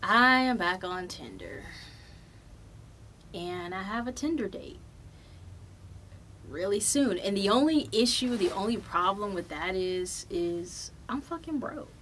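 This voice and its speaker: A woman's voice: medium pitch, a little slow, a little hiss or hum. Profane, chatty young woman podcaster. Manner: profane, animated, loose and chatty. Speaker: podcast host. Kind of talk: casual storytelling.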